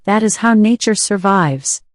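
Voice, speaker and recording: A woman voicing a possessive older sister who pleads and insists, read in her own lowish voice. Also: lively intonation, a little slow, no echo, studio quality, lightly acted. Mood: pleading. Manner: insistent, coaxing.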